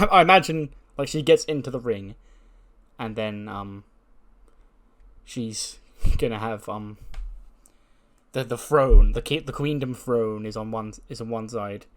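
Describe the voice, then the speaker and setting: A man's voice: mid-range voice, unhurried. A man hosting a wrestling sim playthrough, narrating casually with many fillers as he imagines the scene.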